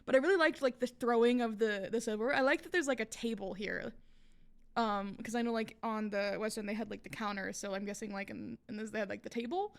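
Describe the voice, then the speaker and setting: A woman's voice: a little high, fairly even intonation, fairly quick. A woman hosting a reaction video, talking casually with lots of fillers and restarts. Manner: chatty, many fillers and restarts.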